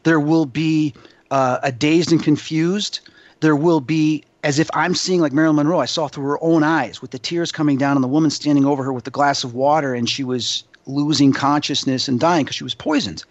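Guy telling a wild story, animated and emphatic, kinda high voice, dry dull lo-fi audio. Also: fairly quick, no room sound. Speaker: psychic medium guest. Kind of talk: storytelling interview answer.

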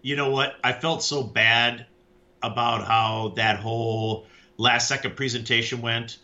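Bright-voiced man telling a story, lo-fi sound. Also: mid-range voice, unhurried. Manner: animated storyteller, acts out quotes. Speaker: podcast co-host. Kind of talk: casual chat.

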